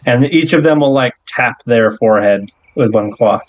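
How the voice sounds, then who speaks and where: Running a tabletop session, this man narrates casually and slowly, peppering his speech with "like" and little restarts. He speaks at a middle pitch, captured in a dry, somewhat dull recording without any echo.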